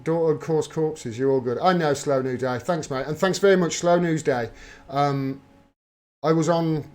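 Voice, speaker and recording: A man's voice: mid-range voice, darkish tone. A man hosting a live stream, talking through political news and answering viewer messages in an emphatic, heated way, swearing freely. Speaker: livestream host. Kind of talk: live political commentary reading viewer chat.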